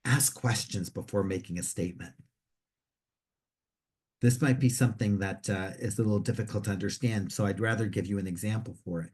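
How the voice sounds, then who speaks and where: Mellow-voiced man coaching students. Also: fairly low pitch, fairly quick, husky. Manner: conversational, repeats words while explaining. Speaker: career coach. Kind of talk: instructional talk to students.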